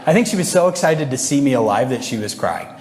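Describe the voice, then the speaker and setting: A man delivers a motivational talk, telling stories in an animated way and jumping into voices for the people he quotes. His voice sits in a middle register. The sound rings with the long reverb of a large hall. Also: medium pitch, quick pace. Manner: animated storytelling, acts out quotes. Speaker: speaker addressing youth. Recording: echoey hall.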